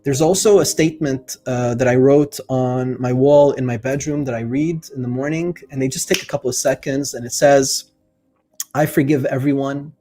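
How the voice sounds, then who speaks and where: Over soft background music, a man speaks at a moderate pace in a steady, mellow, medium-pitched voice. A life coach in a casual, reflective monologue to camera, he earnestly guides viewers, thinking aloud with fillers and speaking openly about what he feels.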